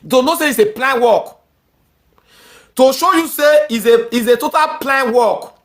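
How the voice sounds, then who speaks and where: Sex: woman. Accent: Nigerian. Pitch: very high. Style: heated ranting commentary. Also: a little slow. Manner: angry, repetitive, mixes pidgin and English. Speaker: social media commentator.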